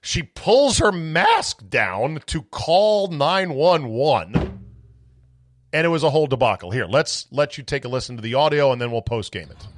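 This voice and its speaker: A man's voice: fairly high pitch, sing-song, a little slow. A man hosting a solo sports talk podcast, ranting bluntly with profanity and sarcasm.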